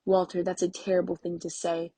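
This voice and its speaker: A woman's voice: lowish voice, monotone, fairly quick, mellow, breathy edge, dry recording. A woman reading the part of a tired young wife, pleading and resigned. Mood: weary.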